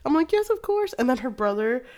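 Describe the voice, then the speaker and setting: A woman's voice: high voice, sing-song, fairly quick, darkish tone. A woman co-hosting a podcast, telling casual stories with frequent laughs and swearing. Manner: storytelling, swears freely, laughs often. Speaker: podcast co-host. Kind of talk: casual chat.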